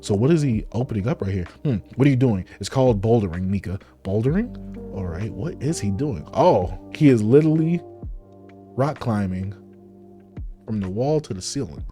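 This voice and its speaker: A man's voice: lowish voice, animated, moderate pace, mellow, soft background music. A man hosting a live comic reading, reacting animatedly and laughing often. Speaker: host reading a comic aloud.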